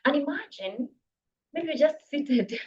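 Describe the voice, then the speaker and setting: A woman coaching public speaking in a live online workshop, brisk and encouraging, reading viewers' comments aloud. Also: high-pitched, lively intonation, a little mellow, lo-fi sound. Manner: brisk, encouraging, reads chat comments aloud, laughs often. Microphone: video call.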